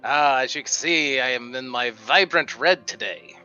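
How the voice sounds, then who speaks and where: A man with a bright, forceful voice plays his character in a tabletop game. He is easygoing and politely formal. The audio sounds muffled and dull, with faint music behind. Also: medium pitch, moderate pace, clear, resonant tone. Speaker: player. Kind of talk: in-character play and narration.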